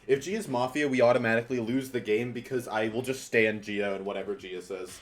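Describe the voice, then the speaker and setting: A man's voice: medium pitch, fairly even intonation, brisk. A man streaming live, chatting casually in a rambling, self-mocking way and often restarting his sentences. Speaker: streamer playing a party game. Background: faint background music.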